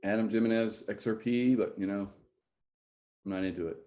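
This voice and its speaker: Speaking briskly in a mellow, somewhat low voice with a steady tone, a middle-aged man chats casually to his livestream audience. He wanders from point to point and interrupts himself a lot, captured on a phone or computer mic.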